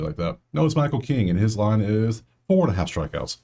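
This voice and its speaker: A man's voice: lowish voice, very animated, brisk, warm tone. A man hosting a casual solo sports betting breakdown, talking straight to players and viewers with grumbling asides.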